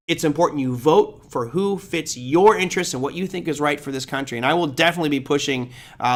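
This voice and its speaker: A man's voice: mid-range voice, fairly bright tone. A man hosting a live trading show, chatting casually as he answers viewer questions off the cuff.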